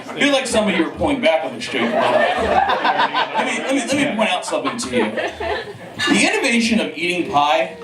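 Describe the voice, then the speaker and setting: A man doing a stand-up comedy set in a club, telling a profane, animated story with mock old-timey voices, audience laughing behind. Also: high-pitched, fairly quick, very noisy. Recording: roomy club audio from far mic.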